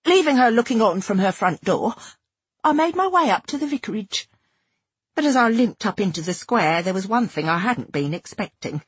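A woman reads a first-person story aloud with expressive delivery. Her voice is very husky and breathy, and her pitch moves freely up and down. The recording is dry and close. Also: no room sound. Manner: expressive, acts out dialogue. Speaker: audiobook narrator. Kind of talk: scripted first-person narration.

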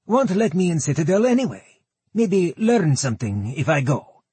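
A man's voice: fairly high pitch, very animated, normal speed, dark tone, husky, no room sound, pitched above the performer's own voice, heavily acted. A man doing a blunt, terse half-orc woman. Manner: terse, clipped broken grammar.

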